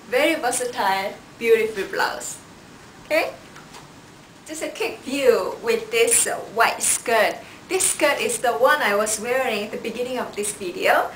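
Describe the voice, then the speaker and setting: A woman's voice: a little high, a bit bright, slight background noise. A woman presenting clothes as a stylist, showing each piece and repeating "like this". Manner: unhurried, shows each item with "like this". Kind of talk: product styling demo. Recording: roomy sound from a distance.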